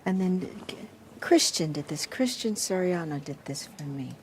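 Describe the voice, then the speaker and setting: A woman in her fifties, a singer and actress, speaking softly as an interview guest and often restarting and repeating her words. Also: lowish voice, expressive, normal speed, slight background noise. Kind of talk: casual interview chat.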